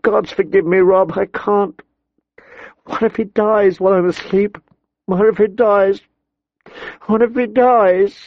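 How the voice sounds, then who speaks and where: A distraught noble mother, as a male narrator puts her on, sobbing and pleading in high, trembling cries. The audiobook recording sounds dry and dull. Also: sing-song, takes it slowly, creaky, few pauses, no echo, heavily acted. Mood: hysterical.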